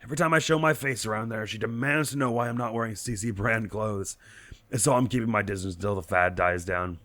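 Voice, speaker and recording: A man's voice: fairly low pitch, quick pace, pushed and bright, no room sound. A man voicing an easygoing inn worker who avoids his wife, reading game dialogue in a raised, friendly voice. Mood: wry.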